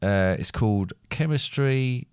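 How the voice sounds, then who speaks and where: A middle-aged man co-hosting a father-and-son podcast in casual chat, with dry, deadpan humour. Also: mid-range voice, a little slow, clear, resonant tone, no room sound.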